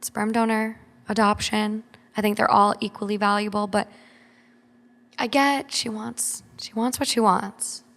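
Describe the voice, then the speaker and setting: A woman's voice: medium pitch, fairly even intonation, measured pace, a bit bright. Woman podcaster in a reverberant room. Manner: reads steadily, then chats with frequent "like". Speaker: podcast co-host. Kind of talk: reading a listener's story aloud, then casual chat. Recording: long hall reverb.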